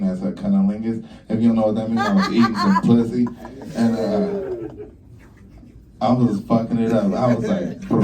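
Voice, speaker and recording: A young man doing a stand-up routine on a comedy club stage, brash and profane, acting out both sides of his stories with sudden jumps in pitch. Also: recorded from a distance, very noisy.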